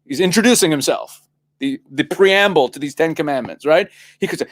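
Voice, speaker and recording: A man, a rabbi, talking as a guest on a studio talk show, animated and laughing often, restarting and repeating words as he explains. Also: fairly high pitch, fairly quick. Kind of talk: casual talk-show conversation.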